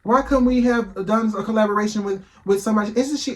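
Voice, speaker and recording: A man's voice: sits high, quick pace, hardly any pauses. A man giving heated reaction commentary, firing off rhetorical questions and swearing freely.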